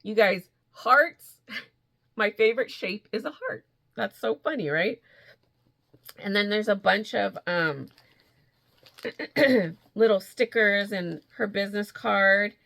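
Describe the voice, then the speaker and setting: Excited woman with a gravelly voice. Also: mid-range voice, slow, pauses often. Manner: excited, gushing, laughs often. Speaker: yarn vlogger. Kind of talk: casual chat to camera.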